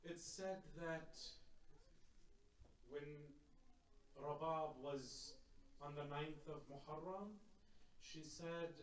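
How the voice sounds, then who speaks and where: A man's voice: a little high, very slow, long pauses. A man, a sheikh, delivering a solemn, dramatic Muharram sermon in a community center hall. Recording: echoey hall, mic at a distance.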